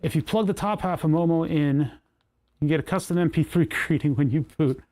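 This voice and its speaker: A man's voice: on the high side, brisk, mellow. A man hosting a casual livestream, rambling and self-mocking as he thinks aloud while tinkering with electronics. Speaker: livestream host.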